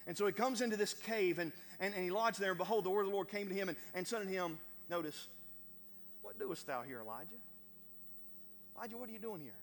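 High-voiced preacher in a reverberant church. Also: male voice, quick pace. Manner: stammering repeats, builds to loud emphatic preaching. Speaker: pastor. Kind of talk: sermon. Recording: long hall reverb.

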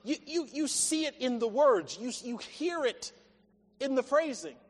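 A man delivers an emphatic sermon in a church hall, quoting scripture with earnest weight. His voice sits very high, and a long hall reverb follows each line. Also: sing-song, measured pace. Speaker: preacher.

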